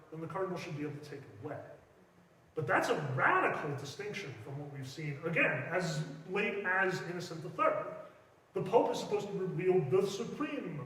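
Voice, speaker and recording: A man giving a casual, jokey church history lecture, briefly acting out historical figures in quick asides. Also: high voice, a bit bright. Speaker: church teacher. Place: church hall. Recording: echoey hall, mic far off.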